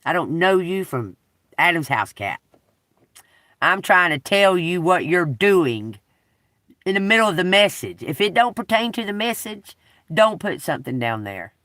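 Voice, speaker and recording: A woman with a Southern US accent, a tarot reader talking straight to her viewers, blunt and profane, swinging between a slow drawl and heated outbursts. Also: fairly low pitch, very animated, a bit bright, no room sound, clean studio sound. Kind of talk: unscripted video rant to viewers.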